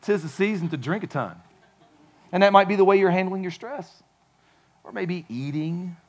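A man's voice: sits high, expressive, normal speed. A man preaching a sermon as pastor, in a casual, conversational way with frequent asides to the congregation.

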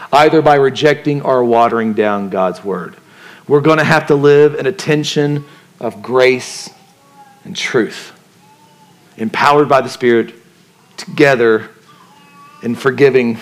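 A male pastor preaching a sermon in a conversational way, asking the congregation questions and acting out the voices in people's heads. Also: medium pitch. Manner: conversational preaching, asks the crowd questions, acts out inner voices.

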